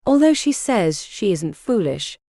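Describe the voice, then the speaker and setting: A woman's voice: medium pitch, big pitch swings, a little slow, warm tone, dry recording, clean studio sound. A woman voicing a stern, angry Norman baron who speaks harshly to his wife. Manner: harsh, commanding.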